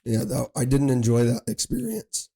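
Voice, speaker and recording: Hoarse man with a dark voice. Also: mid-range voice, very animated, moderate pace. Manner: talks in long runs, pressing his point. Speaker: podcast host. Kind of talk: casual chat.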